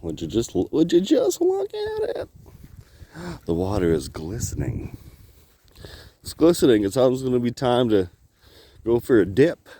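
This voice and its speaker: A Canadian vlogger with a fairly low, mellow voice rambles and swears through a casual outdoor vlog by the water. He films on a handheld camera and laughs often, and the recording sounds dry.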